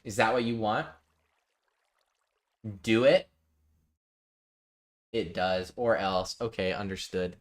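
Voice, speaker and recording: On the low side and slow, with frequent pauses, this man's voice carries a relaxed live stream of a building game. He chats with his audience, reads their messages aloud, and jokes around.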